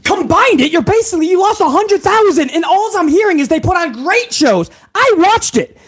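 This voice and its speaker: A man's voice: very high voice, very animated, normal speed, fairly bright tone. A man hosting a wrestling vlog, ranting in heated, profane commentary.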